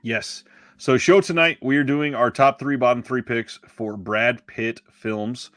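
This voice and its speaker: A man's voice: mid-range voice, fairly even intonation, a little slow, a bit bright, no echo. A man co-hosting a casual movie podcast, rambling and correcting himself with lots of fillers. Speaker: podcast co-host. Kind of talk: casual movie-review chat.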